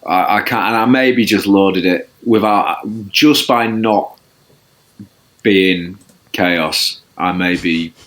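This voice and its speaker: A man's voice: sits low, slow pace, fairly bright tone. A man, a podcast guest chatting casually, rambling and self-deprecating with many restarts. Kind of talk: casual chat.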